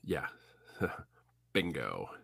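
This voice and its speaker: A man's voice: very deep voice, sing-song, extremely slow, vocal fry, fairly bright tone, breathy edge, dry recording, clean studio sound. A young man co-hosting a casual sports podcast, wry and mocking as he talks the team through. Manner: wry, mocking, slips into silly put-on voices. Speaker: podcast co-host.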